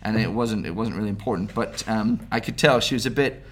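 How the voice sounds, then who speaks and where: A man's voice: on the low side, brisk, fairly bright tone. A man who works as a stage mind reader, telling stories in casual podcast chat, with many restarts. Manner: chatty storyteller, many restarts.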